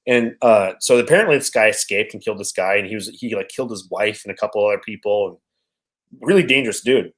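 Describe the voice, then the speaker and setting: A man's voice: fairly low pitch, fast, rough recording. A man from Washington State chatting casually and telling rambling, profane anecdotes as a podcast guest. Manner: laid-back, swearing, rambling anecdotes. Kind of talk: casual chat, storytelling.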